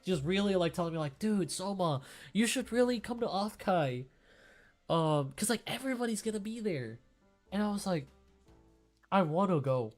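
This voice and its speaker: Tearful rambling young man, fairly high voice. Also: lively intonation, normal speed, a little mellow, faint music behind. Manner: rambling, many fillers, emotional. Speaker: streamer. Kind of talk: casual emotional chat.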